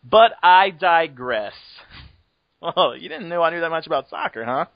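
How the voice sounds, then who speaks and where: A man's voice: on the high side, very animated, moderate pace, no room sound, dull audio. A man hosting a podcast, chatting casually and joking around, laughing often as he rambles. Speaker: podcast host. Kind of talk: casual chat.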